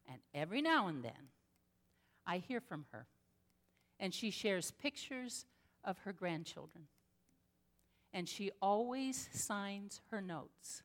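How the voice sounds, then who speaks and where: A woman pastor preaching a sermon, telling a story slowly and earnestly with dramatic pauses. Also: mid-range voice, sing-song. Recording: long hall reverb.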